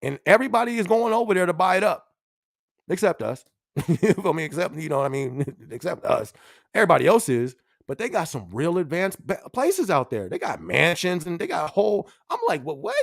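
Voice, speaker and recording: Animated man hosting a live stream. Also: sits high, fairly quick, vocal fry, no echo, studio quality. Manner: animated, laughs often, slangy, repeats phrases. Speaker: livestream podcast host. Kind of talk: casual live-stream chat.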